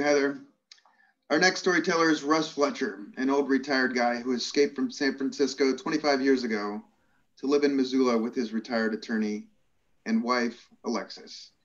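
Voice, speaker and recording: A man emceeing an event, reading a speaker's introduction in a plain, measured way. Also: mid-range voice. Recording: dull lo-fi sound.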